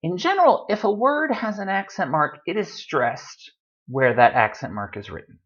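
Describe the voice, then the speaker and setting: A man's voice: high-pitched, lively intonation, moderate pace, fairly bright tone, husky, lo-fi sound. A man giving a video lesson, patiently repeating words to show where the stress falls. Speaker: Spanish tutor.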